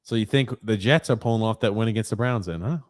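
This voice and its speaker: A man's voice: fairly low pitch, fast, no echo, clean studio sound. A man hosting a sports podcast, chatting casually and reading out listener comments. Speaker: podcast host.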